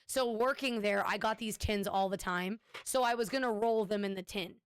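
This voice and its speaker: A woman's voice: medium pitch, normal speed, smooth, no room sound. A woman streamer chatting casually with her viewers, rambling and swearing now and then. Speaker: Twitch streamer.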